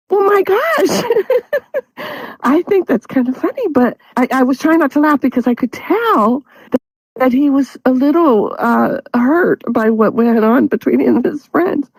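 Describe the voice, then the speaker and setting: A woman's voice: sits high, dry recording, rough recording. A woman hosting a show, telling a funny story in casual chat and laughing through her words. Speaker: show host. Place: studio.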